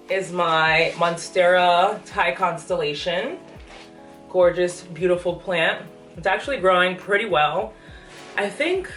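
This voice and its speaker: Her voice sits on the low side and sounds a bit bright. A young pregnant woman, she's a plant vlogger chatting with enthusiasm, slightly out of breath, through a casual update in a plant-filled apartment room. The echoey recording picks her up from a distance over faint music.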